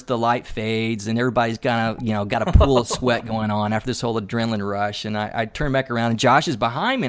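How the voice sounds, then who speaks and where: A man, a landscape photographer, telling a story in a casual chat, loose and chatty with lots of fillers, acting out what people said. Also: mid-range voice. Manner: animated storyteller who acts out dialogue.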